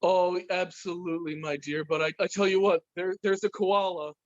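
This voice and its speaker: A man's voice: high voice, steady tone, moderate pace, lo-fi sound, lightly acted. A man playing a grand, theatrical traveler in an improv comedy scene. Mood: grandiose.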